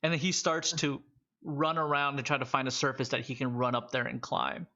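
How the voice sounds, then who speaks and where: A man narrating as game master of a tabletop role-playing game, wandering through his descriptions with frequent restarts. His voice sits at an ordinary pitch. The recording is a bit muffled and lo-fi. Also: little pitch movement, a little fast, sharp tone. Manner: loose, rambling narration with many restarts.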